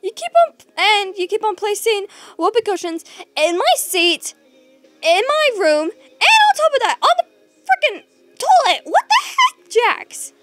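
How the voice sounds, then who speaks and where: A woman voicing a kind but flustered ragdoll woman in a fan audio role-play, with loud, exasperated outbursts. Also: extremely high pitch, sing-song, slow, faint music behind, voice pushed up, exaggerated voice.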